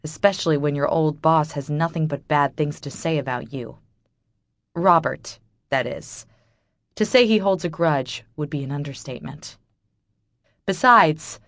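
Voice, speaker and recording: A woman's voice: sits low, no room sound. A woman narrating a first-person romance audiobook in a bitter, wry inner-monologue manner.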